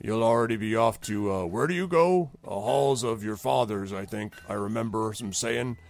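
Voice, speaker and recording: A man voicing a gruff male wolf-keeper who commands a pack of wolves, threatening and rough. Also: lowish voice, moderate pace, soft background music. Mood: menacing. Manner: rough and threatening, then shouting in alarm.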